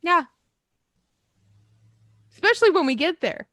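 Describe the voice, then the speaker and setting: A woman's voice: very high voice, big pitch swings, a little slow, a bit bright, no room sound, clean studio sound. A woman co-hosting a podcast in casual, rambling chat, laughing often. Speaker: podcast co-host.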